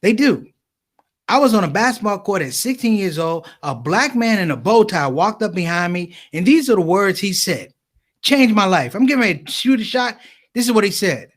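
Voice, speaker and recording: A middle-aged man telling a comic story to an audience, with punchy, animated delivery and repeated words for effect. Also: high voice, moderate pace. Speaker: speaker.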